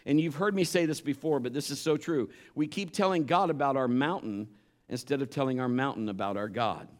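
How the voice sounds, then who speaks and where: A man's voice: mid-range voice, brisk. A man preaching a conversational sermon, earnest and emphatic, weaving scripture together with stories from his own life. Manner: earnest, emphatic, mixes scripture with personal anecdotes.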